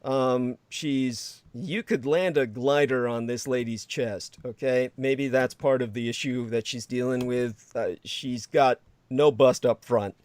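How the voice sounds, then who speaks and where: A man's voice: medium pitch, fairly even intonation, unhurried, hardly any pauses, darkish tone, clear, resonant tone. A man hosting a livestream, rambling in sarcastic commentary with frequent laughter and crude asides. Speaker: livestream host.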